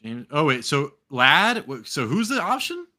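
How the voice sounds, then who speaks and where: Speaking a little slowly in a voice on the higher side, an American man co-hosts a live fantasy football program. He drinks while he talks, and his casual podcast chat is rambling, profane, and animated.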